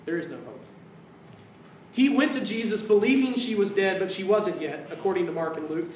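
A man preaching a sermon as pastor, animated, acting out quoted voices and dropping to hushed tones. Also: high-pitched, a little fast, a little hiss or hum. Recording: roomy sound from a distance.

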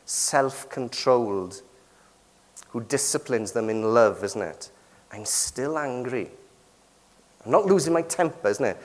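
A middle-aged man with a British accent preaching a sermon in a conversational way, often asking the congregation questions. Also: medium pitch. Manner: conversational, asks the congregation questions with frequent tag questions. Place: church. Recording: long reverb of a church hall.

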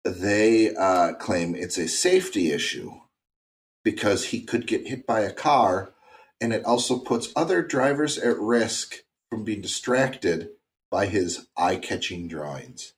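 A man co-hosting a casual talk show, recounting odd news stories in a relaxed, rambling way. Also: fairly low pitch, unhurried. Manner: relaxed, drifting into tangents with many fillers. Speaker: podcast co-host.

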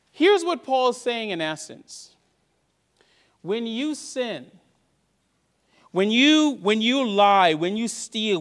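A man preaching a sermon as pastor to his church, earnest, rising to loud emphasis and dropping to hushed tones. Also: high voice.

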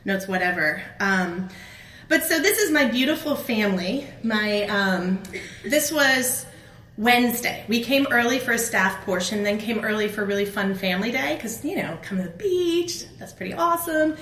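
A middle-aged woman telling a personal story as a conference speaker at a faith event, animated and acting out her own outbursts. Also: mid-range voice, moderate pace, slight background noise. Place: conference hall. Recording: echoey room with faint ambience.

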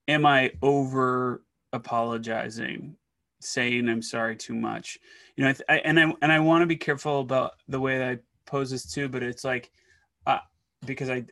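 A man co-hosting a podcast, speaking haltingly with many restarts. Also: medium pitch, pushed and bright. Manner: hesitant, stumbling restarts. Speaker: podcast co-host. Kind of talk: conversational podcast talk.

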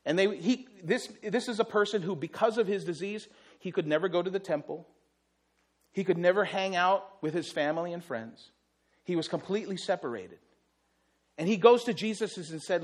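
A man's voice: high voice, lively intonation, normal speed. A male pastor preaching a sermon, telling the story vividly and acting out the quotes.

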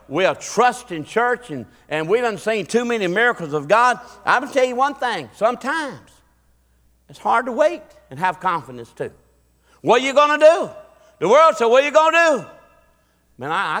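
Bright-voiced preacher in a church. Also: male voice, high voice, long reverb tail. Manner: preaching with rising emphasis and rhetorical questions. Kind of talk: sermon. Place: church sanctuary.

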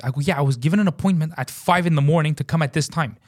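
A man telling a story in casual chat, animated, swearing a lot and saying "bro", acting out his own shouting. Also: fairly high pitch, very fast. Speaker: podcast host.

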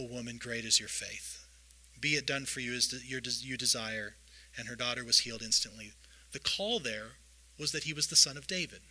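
A man preaching a sermon, reading scripture aloud and retelling the stories in a lively way. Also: mid-range voice, poor audio. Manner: lively storytelling, reads scripture aloud with voiced asides. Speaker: pastor.

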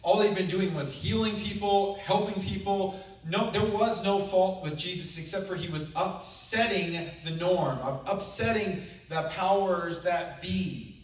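A man's voice: sits high, a little slow, recorded from a distance. Man preaching in a very echoey room. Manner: casual, conversational retelling of scripture. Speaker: pastor. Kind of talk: sermon with scripture reading.

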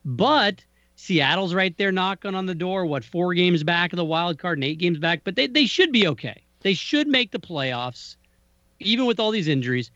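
A man co-hosting a casual sports podcast, teasing his partner, animated, often repeating words. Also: high-pitched, moderate pace, dry recording. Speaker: podcast co-host. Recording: dry, dull lo-fi sound.

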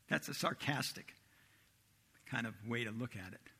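A male pastor delivers a sermon with bright, pressing energy and a slightly husky edge. He tells the story with lively acted-out voices. His voice rings through the long reverb of a large hall. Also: medium pitch, moderate pace, pauses often. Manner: animated storytelling, acts out disciples' voices.

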